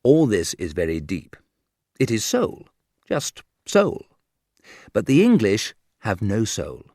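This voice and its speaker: A man reading a humorous book aloud in a dry, wry manner, with sudden lifts in pitch. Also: wildly swooping pitch, slow, a little mellow, dry recording. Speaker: audiobook narrator. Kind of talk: scripted humorous narration.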